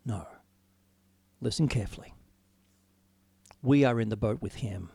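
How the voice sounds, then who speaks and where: A man giving an earnest, reflective sermon, moving from hushed musing to emphatic declarations. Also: mid-range voice, measured pace, vocal fry, breathy edge, no room sound. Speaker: preacher. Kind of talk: informal sermon, devotional talk.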